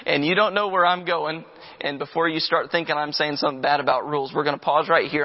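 A man's voice: on the high side, steady tone, fast. A man preaching a sermon, emphatic and repetitive, telling vivid stories to make his point. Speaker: pastor. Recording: dull sound with long reverb.

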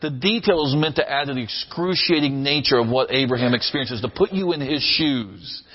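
A man's voice: mid-range voice, muffled recording. A man preaching a sermon, earnest and emphatic, repeating phrases for weight. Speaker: pastor.

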